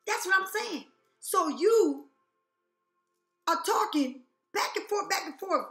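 A woman's voice: extremely high pitch, animated, slow, a bit bright, soft background music. A woman giving a tarot reading to her viewers, talking bluntly and profanely and firing rhetorical questions. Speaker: tarot reader. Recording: echoey room.

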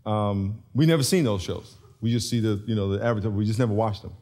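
A man preaching a sermon as pastor, animated and storytelling, chuckling often. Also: fairly low pitch, quick pace. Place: large church.

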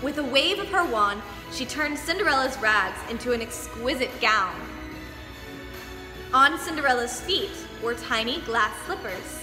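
A young woman dance teacher reading a storybook aloud to children, lively and expressive. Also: fairly high pitch, measured pace. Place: dance studio. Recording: echoey studio hall, faint music.

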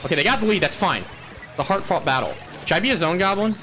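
A man streaming a game live, chatting to viewers in a playful, goofy way, laughing often and yelling when he wins. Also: high voice, expressive, quick pace, over music. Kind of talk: casual live gameplay chatter.

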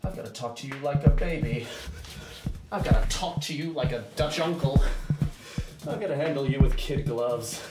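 A man's voice: mid-range voice, normal speed. A man performing a theatrical monologue on a small stage, scolding and nagging in a stream of stock phrases. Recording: roomy recording with loud music.

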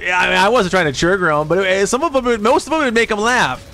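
A man's voice: fast talker, creaky, bright, forceful tone. Rambling, profane man streaming a game. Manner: rambling, profane, jumps into high squeaky voices for quotes. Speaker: livestreamer. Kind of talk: rambling casual chat while gaming.

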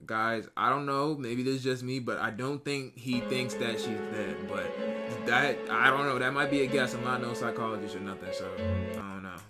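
A man's voice: mid-range voice, normal speed, over loud music. A man streaming a reaction to footage, with casual, mocking and profane commentary.

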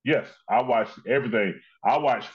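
A man's voice: medium pitch, moderate pace, husky. A man hosting a casual chat, praising at length in loose run-on stories. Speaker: host. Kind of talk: casual conversation. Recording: slightly muffled audio.

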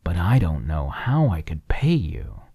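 In a soft whispered role-play, a man voices a small young meadow mouse, cautious and shrewd, a little higher than a low, husky base. The voice stays slow and hushed for a bedtime storybook. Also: big pitch swings, no room sound, studio quality, heavily acted. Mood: wary. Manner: wary, polite, then firm.

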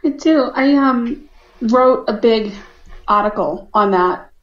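A woman guest with a Boston accent who talks in a friendly, hesitant way, pausing with fillers. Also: fairly high pitch, a crowd in the background. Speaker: guest, witch and psychic. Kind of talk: casual interview chat. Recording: roomy lo-fi audio.

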